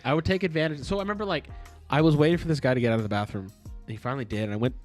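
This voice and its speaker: A man's voice: medium pitch, very fast, soft background music. A young man in his twenties co-hosting a podcast, telling a long story in a rambling, profane way and laughing along as he goes. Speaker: podcast co-host. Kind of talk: casual storytelling chat.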